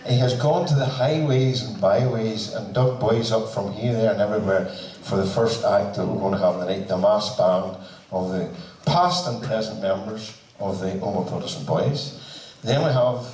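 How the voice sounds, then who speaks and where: Joking Northern Irish compere in echoey hall. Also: male voice, lowish voice, normal speed, darkish tone, recorded from a distance. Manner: chatty, teasing, storytelling. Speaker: concert compere. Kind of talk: joking stage introductions. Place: concert hall.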